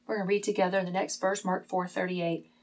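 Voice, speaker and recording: A woman teaching a Bible lesson as a sermon, telling the story dramatically, at times hushed and at times emphatic. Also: on the low side, flat delivery, fairly quick, poor audio.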